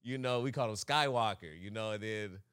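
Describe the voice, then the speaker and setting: A man's voice: on the low side, a little fast, fairly bright tone, smooth, no echo, studio quality. A young man co-hosting a podcast, telling a story in casual chat, acting out the quotes and laughing often. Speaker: podcast co-host.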